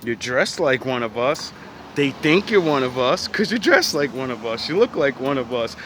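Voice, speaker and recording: A man's voice: medium pitch, big pitch swings, normal speed, fairly bright tone, a little hiss or hum. An American man in a blunt, profane ranting commentary who hammers his points with repetition. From United States. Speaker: vlogger.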